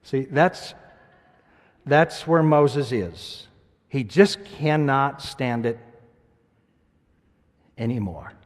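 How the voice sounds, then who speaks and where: A male pastor preaching a sermon, moving between loud, emphatic scripture reading and hushed, quiet reflection. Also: mid-range voice, expressive, drawn-out words, pauses often. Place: church sanctuary. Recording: church sanctuary with long reverb.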